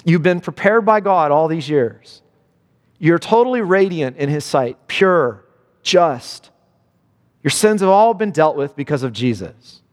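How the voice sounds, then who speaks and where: A man preaching with great passion, his voice pitched high and swinging widely between hushed low passages and soaring cries. The sound carries a long hall reverb around him. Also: lively intonation, a little slow. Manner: impassioned, swings from low and quiet to high exclamations. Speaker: pastor. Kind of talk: sermon.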